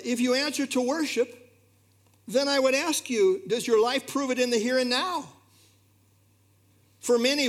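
A man preaching a sermon in an earnest, emphatic way, his delivery rising and falling. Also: very high voice. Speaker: pastor.

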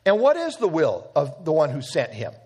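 A man's voice: fairly high pitch, huge pitch swings, moderate pace, darkish tone, husky. A man teaching an evening Bible study, earnest and emphatic, quoting scripture at length.

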